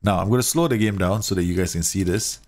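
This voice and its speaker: A man's voice: deep voice, fast, darkish tone. A man giving casual, chatty commentary on football management game tactics, talking straight to his viewers and laughing at his own slips. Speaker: gaming YouTuber reviewing tactics.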